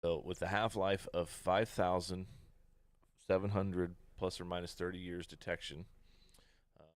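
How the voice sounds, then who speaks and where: A man's voice: sits low, little pitch movement, a little slow, dry recording, studio quality. A man with a Midwestern American accent co-hosting a casual podcast, reading history facts in a loose way and swearing freely. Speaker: podcast co-host.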